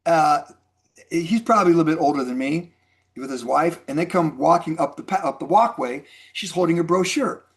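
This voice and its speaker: A man's voice: a little high, fairly quick. A man in his sixties telling casual personal stories to a group as a mentor speaker, acting out the dialogue as he goes. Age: 60s. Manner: chatty, animated storyteller acting out dialogue.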